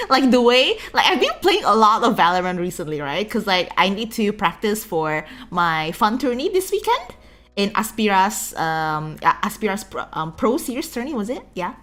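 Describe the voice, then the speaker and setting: Giggly Indonesian woman streamer, bright. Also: mid-range voice, sing-song, moderate pace. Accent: Indonesian English with a touch of Singlish. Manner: chatty, giggly, lots of fillers. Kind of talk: casual chat.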